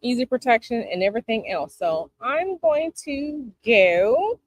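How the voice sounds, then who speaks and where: A woman's voice: a little high, animated, a little slow. A woman from Chicago hosting a casual chat with her viewers outdoors, sassy and emphatic, repeating her advice. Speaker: tarot channel host. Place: outdoors by a palm tree, planes overhead.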